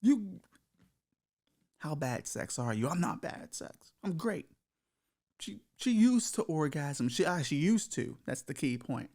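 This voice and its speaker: Middle-aged male podcast host, raspy fry on a higher voice, crude and self-mocking, loose comic rambling. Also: lively intonation, a little slow, darkish tone. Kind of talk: casual comedic monologue.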